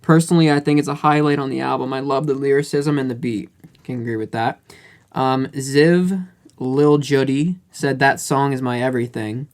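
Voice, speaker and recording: A man's voice: medium pitch, fairly even intonation, normal speed. A man hosting a casual music podcast, joking around and reading out listener comments. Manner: jokey, reads out listener comments. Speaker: podcast host.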